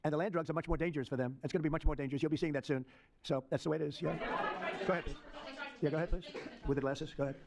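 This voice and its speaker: A man's voice: fairly high pitch, fairly even intonation, rapid-fire, creaky, darkish tone, a little hiss or hum. An older man answering reporters' questions in rambling, repetitive, dismissive remarks at a press conference.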